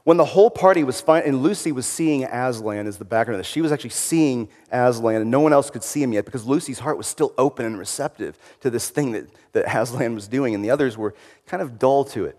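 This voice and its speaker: A man giving an informal sermon-style talk, reflective and conversational, often trailing into quieter phrases. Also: medium pitch, brisk, big-room sound.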